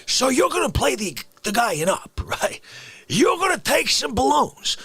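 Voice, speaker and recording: An extremely high-pitched, husky male voice with vocal fry, moderate in pace and free of room sound, hosts a daily live variety show. He chats casually and jokily, animated and laughing often, wandering between topics in livestream fashion.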